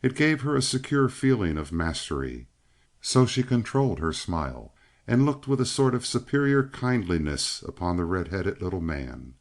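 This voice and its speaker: A man narrating a western novel as an audiobook in a measured, expressive way. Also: low-pitched.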